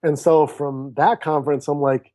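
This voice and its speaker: A man's voice: a little high, normal speed, no echo. A man in his thirties, a podcast guest who tells his story in a casual interview and acts out the voices of people in it. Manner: animated storyteller who acts out quoted dialogue. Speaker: podcast guest, author and speaker.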